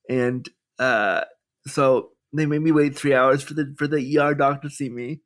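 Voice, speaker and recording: A man in his thirties, a podcast guest telling personal stories in a candid, animated way with lots of quoted dialogue. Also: medium pitch, normal speed. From Canada. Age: 30s. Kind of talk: storytelling in a podcast interview.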